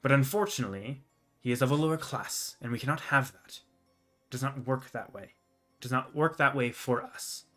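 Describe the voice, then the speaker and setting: A commanding king lays down the law in a loud, formal, unbending voice, his tone sitting in a middling register. A man acts him out during a tabletop game. Background music plays faintly. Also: medium pitch, normal speed, lightly acted.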